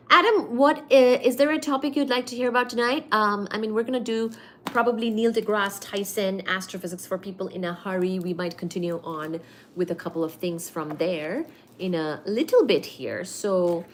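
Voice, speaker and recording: A woman hosts a casual livestream from home, reading viewer comments aloud and thanking people with gushing warmth. She rambles and fills gaps with "um" and "uh." Her pitch sits mid-range, and a faint noise runs underneath. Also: normal speed. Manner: effusive, thanks viewers warmly, rambling with fillers. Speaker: livestream host.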